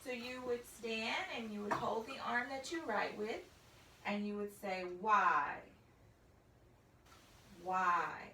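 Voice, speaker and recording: A woman teacher giving a recorded phonics lesson for children, speaking slowly and deliberately, stretching and repeating sounds. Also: fairly high pitch, fairly bright tone, far from the mic. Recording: echoey room, voice off-mic, faint hiss.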